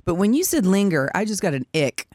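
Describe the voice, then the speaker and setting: Female radio co-host, wry quick quips, animated pitch, dry close mic. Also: no echo. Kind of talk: morning radio banter. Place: radio studio. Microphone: studio microphone.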